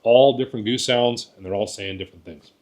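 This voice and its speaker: Brisk and medium in pitch with a darkish tone, a man coaches hunters on calling geese. His folksy, casual teaching leans on repeated words and frequent "right?" check-ins. A little hiss or hum sits in the audio.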